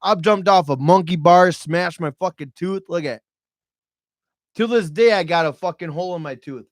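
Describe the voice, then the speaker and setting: Man, podcast guest, higher-pitched voice, emotional, swears often, dry close sound. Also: moderate pace, no room sound. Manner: emotional and profane, talks straight to viewers. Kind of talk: candid storytelling chat. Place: podcast studio with cameras.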